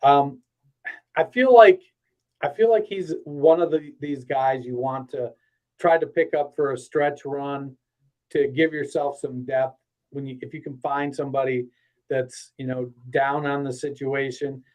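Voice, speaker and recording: A man's voice: medium pitch, measured pace, a little mellow, rough recording. A man appearing as a guest analyst on a podcast, talking bluntly and casually with salty jokes and a lot of fillers. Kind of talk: casual sports chat.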